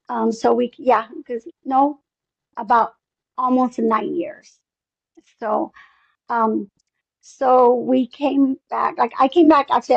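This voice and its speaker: A woman's voice: on the high side, gravelly, no echo, dull audio. A woman telling a long personal story in an interview, rambling with many fillers and acting out bits of dialogue. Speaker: interview guest.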